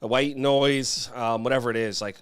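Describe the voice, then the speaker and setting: A man's voice: medium pitch, fairly even intonation, moderate pace, clear, resonant tone. A man co-hosting a casual podcast, talking in an easygoing way full of fillers. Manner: easygoing, lots of likes and fillers. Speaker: podcast co-host. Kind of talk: casual chat.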